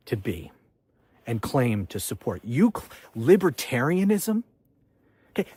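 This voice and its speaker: A man launches an angry political monologue, accusing and hammering the same refrain over and over. His voice sits at a middle pitch with a husky, slightly rough texture. The sound is dry and close, with no room around it. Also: a little mellow, no room sound. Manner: indignant, accusatory, repeated refrains. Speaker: political commentator host. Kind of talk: angry political rant to camera.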